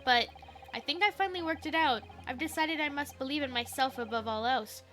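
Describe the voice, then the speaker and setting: A woman's voice: high-pitched, brisk, sharp tone, faint music behind. A woman voicing an earnest young lawyer. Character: earnest young male Japanese defense lawyer.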